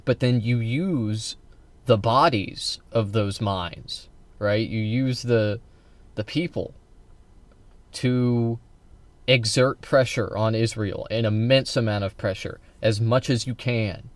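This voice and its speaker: A man's voice: fairly low pitch, slow pace, dry recording. A man ranting on a live political stream, swearing freely and circling back with "okay" and "like". His voice sits close and dry on the mic with no room sound. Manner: heated, profane, repeats "okay" and "like"; talks to chat as "man" and "bro". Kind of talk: casual live-stream commentary.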